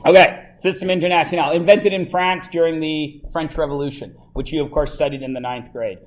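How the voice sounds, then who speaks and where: A man's voice: on the high side, steady tone, a little fast. Chatty, joking male math teacher. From Canada. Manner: chatty and joking with the students, asks lots of questions. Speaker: high school math teacher. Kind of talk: classroom lesson. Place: classroom.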